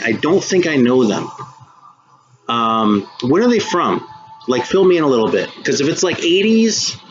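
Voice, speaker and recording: A man's voice: medium pitch, muffled recording. Rambling, swearing stream host guy. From United States. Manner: loose, rambling, swears a lot, says dude and man. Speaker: live stream host showing metal records. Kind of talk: casual chat reading viewer comments.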